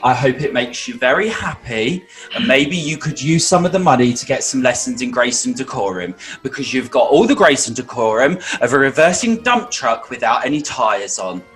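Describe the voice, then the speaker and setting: A man's voice: mid-range voice, expressive, moderate pace, hardly any pauses, fairly bright tone, soft background music, voice pushed down, lightly acted. A man doing an impression of a blunt male dinner-party guest from a reality show, dry and insulting. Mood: scornful.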